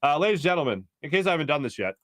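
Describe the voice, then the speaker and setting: A man in his thirties, slightly high-voiced and racing along, hosts a sports talk show with a Philadelphia accent. He's an energetic, rambling storyteller full of restarts, heard on a studio microphone in a radio studio with no room sound.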